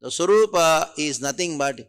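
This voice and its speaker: A man's voice: on the high side, animated, moderate pace, clear, resonant tone. A man with an Indian accent giving a scripture class at a temple, reciting Sanskrit verses and posing rhetorical questions. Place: temple hall.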